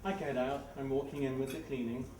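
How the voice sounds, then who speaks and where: A middle-aged man with an English accent tells an animated story at a live story slam, growing louder as it builds. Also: medium pitch, a little fast. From England. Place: live event venue before an audience. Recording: roomy, distant, noisy live room.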